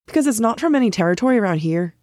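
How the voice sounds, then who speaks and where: A woman's voice: a little high, lively intonation, rapid-fire, darkish tone, no room sound, studio quality, voice pushed up, close to an everyday voice. Woman voicing a bitter mocking young man. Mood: scornful.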